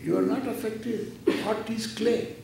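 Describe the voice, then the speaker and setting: Playful older man teaching slowly. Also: high-pitched, fairly even intonation, vocal fry, a little mellow. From India. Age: 70s. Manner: playful, acts out dialogues with laughter. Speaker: Vedanta teacher. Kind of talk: scripture lecture. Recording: echoey hall, distant mic, faint noise.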